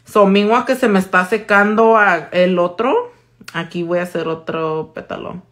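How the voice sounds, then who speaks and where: Talking a little fast in a low-ish, slightly bright voice, a woman demonstrates nail art on a live tutorial. She keeps it casual with viewers, swears freely, and alternates between English and Spanish.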